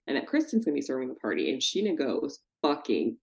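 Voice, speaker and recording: A woman's voice: very deep voice, fast, creaky. A woman co-hosting a podcast, recapping a reality show in casual, profane chat and putting on the voices of the people she describes. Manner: animated, profane, mimics people she talks about. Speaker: podcast co-host.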